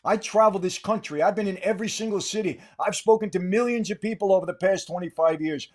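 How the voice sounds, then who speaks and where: A man's voice: high-pitched, quick pace. An older American man hosting a podcast, delivering an angry, insulting political rant and repeating himself for emphasis. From United States. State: aggravated. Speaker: podcast host.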